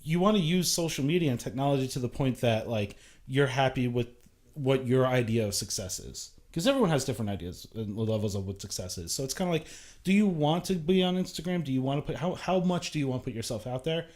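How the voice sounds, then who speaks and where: A young man on a talk show, speaking in a loose, chatty way full of fillers and restarts. His voice sits at a middle pitch for a man. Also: expressive, quick pace, darkish tone. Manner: chatty, many "like" fillers and restarts, laughs easily. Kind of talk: casual talk show chat.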